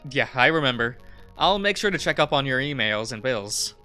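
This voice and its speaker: A man's voice: mid-range voice, animated, moderate pace, bright, forceful tone, clean tone, faint music behind. A man voicing the nervous, stammering young man in his twenties who is the visual novel's main character. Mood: flustered. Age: 20s.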